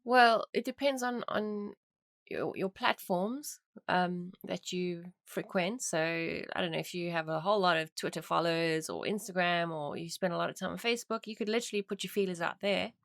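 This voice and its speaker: A woman co-hosting a design podcast, lively, laughing easily and starting sentences in halting bursts. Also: lowish voice, vocal fry, dry recording, clean studio sound. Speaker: podcast co-host. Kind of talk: casual podcast chat.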